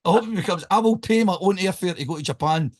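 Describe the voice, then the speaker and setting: A Scottish podcast host with a high-pitched voice talks at a quick pace. His casual banter is joking and rambling, and he laughs often.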